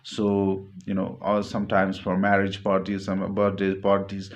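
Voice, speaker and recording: A man's voice: low voice, completely flat delivery, a little slow, dull audio. Male teacher explaining a story, repetitive. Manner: repetitive, glossing words, many fillers. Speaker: literature teacher. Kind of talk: classroom lecture explaining a story.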